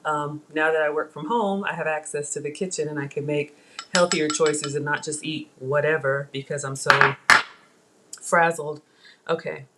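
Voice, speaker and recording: A woman's voice: deep voice, fairly bright tone, a little hiss or hum. A middle-aged woman hosting a live cooking stream from her home kitchen, chatting with viewers and calling them y'all. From Africa. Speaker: cooking channel host.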